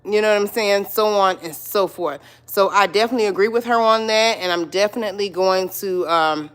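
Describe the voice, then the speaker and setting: A woman's voice: mid-range voice, a little fast, a bit bright, clean tone. A middle-aged woman chatting casually on a livestream as a lifestyle vlogger. She repeats herself often and keeps calling out to viewers with y'all and you guys. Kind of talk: casual live-stream chat.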